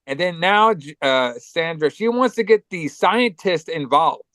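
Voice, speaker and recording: A man's voice: on the high side, expressive, unhurried, fairly bright tone, no room sound. A man co-hosting a podcast, casually recapping a movie in a rambling, profane way and acting out lines. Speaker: podcast co-host.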